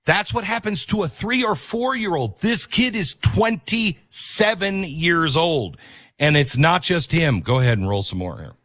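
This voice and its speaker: A man hosts a commentary show with emphatic, preachy delivery. His pitch swings widely as he presses his points. The sound is dry and close, with no room around it. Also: lively intonation, a little slow, fairly bright tone, no echo. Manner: emphatic, preachy, with mocking impressions. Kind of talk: opinionated commentary on a video clip.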